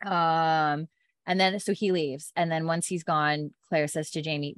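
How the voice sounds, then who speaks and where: A young adult woman hosting a casual podcast, chatty, with quick asides. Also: low-pitched, steady tone. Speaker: podcast host recapping a TV episode. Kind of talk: casual chat.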